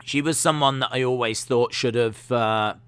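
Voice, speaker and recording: A man hosting a wrestling livestream, chatting casually and rambling with lots of fillers and sudden animated bursts. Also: mid-range voice, normal speed, clear, resonant tone, dry recording. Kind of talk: casual chat.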